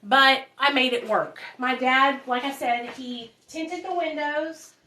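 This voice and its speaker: A woman's voice: high-pitched, takes it slowly, bright, forceful tone, slight background noise. A woman, casually telling her life story to viewers at home, calling them y'all. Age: 30s. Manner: chatty, addresses viewers as y'all and you guys.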